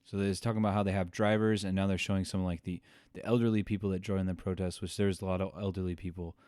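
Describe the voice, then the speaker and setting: A man hosting a podcast, rambling in a halting, emotional way as he comments on videos and chokes up. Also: low-pitched, little pitch movement, darkish tone. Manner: rambling, halting, with many fillers and restarts; emotional, choking up. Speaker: podcast host. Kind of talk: casual commentary reacting to video.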